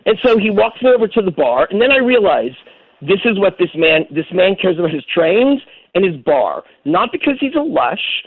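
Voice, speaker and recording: A man, a guest architect, telling a lively story on a radio call-in show, acting out the voices in his quotes. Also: high-pitched, normal speed, no echo. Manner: animated storyteller who acts out quotes. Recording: tinny phone line.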